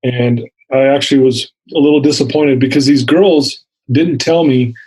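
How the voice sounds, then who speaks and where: A man's voice: medium pitch, steady tone, moderate pace, darkish tone, husky, rough recording. Male interview guest in his fifties. Earnest storyteller who acts out the quotes. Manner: earnest, vivid retelling with acted-out quotes. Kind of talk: personal storytelling.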